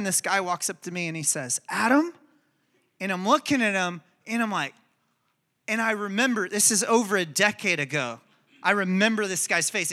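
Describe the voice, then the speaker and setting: Very bright, high-voiced man preaching. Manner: animated storytelling, conversational and emphatic. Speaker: pastor. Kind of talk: sermon.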